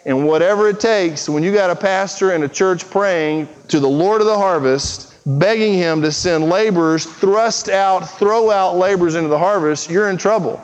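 Pastor mid-sermon, earnest and pressing, somewhat high voice, dull recording with long church reverb. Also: male voice, moderate pace, few pauses, clean tone. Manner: earnest, urgent preaching with acted-out quotes. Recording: muffled, with long hall reverb.

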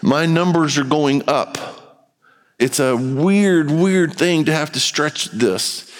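Speaking slowly in a voice on the high side, a male pastor gives a candid, conversational sermon. He is in a church sanctuary, and the recording has long hall reverb.

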